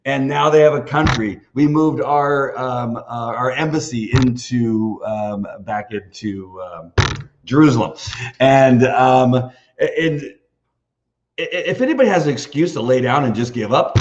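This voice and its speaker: A man hosts his own live stream, talking off the cuff and circling back over his words. He is emphatic and animated, and his voice rises and falls a lot. The sound is a little dull and lo-fi. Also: medium pitch, measured pace, background noise. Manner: rambling with frequent restarts. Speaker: host of a live video stream. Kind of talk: off-the-cuff livestream monologue.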